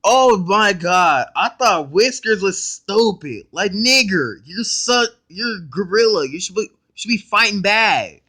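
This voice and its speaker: A man hosting a casual reaction video, excitable and blunt, talking in slang straight to his viewers and cutting in often to comment. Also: sits high, measured pace, hardly any pauses, husky. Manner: excitable, blunt and profane, keeps interrupting with "hold up".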